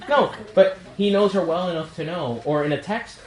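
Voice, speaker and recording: A man's voice: a little high, lively intonation, brisk, few pauses, a little mellow. A male priest giving a casual, humorous talk to a young adult group, acting out bits of dialogue as he goes. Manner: conversational and humorous, acts out quoted dialogue. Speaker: priest leading a young adult ministry meeting. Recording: echoey room with faint background noise.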